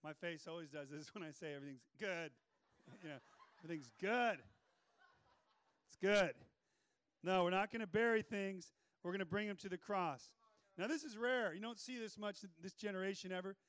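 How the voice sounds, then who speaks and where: Man preaching a sermon, high smooth voice, dry close sound, energetic and joking. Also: a little fast, dry recording. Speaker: pastor.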